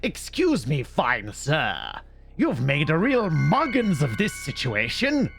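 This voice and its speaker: A man's voice: fairly high pitch, wildly swooping pitch, slow, vocal fry, music in the background, full character voice. A man voicing a pompous, overly formal man who talks in a stuffy, lofty way. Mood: condescending.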